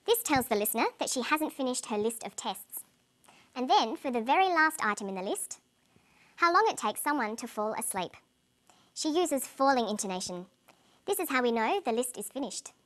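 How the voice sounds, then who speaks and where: A woman narrating a scripted English lesson, explaining clearly and plainly. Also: fairly high pitch, lively intonation, brisk. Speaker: English teacher.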